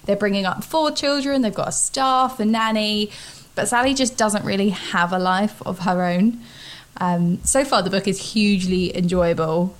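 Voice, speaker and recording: A young woman talks casually as a podcast co-host. She is chatty and quick to joke, with easy asides. Her voice sits in a middle register. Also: medium pitch. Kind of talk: casual chat.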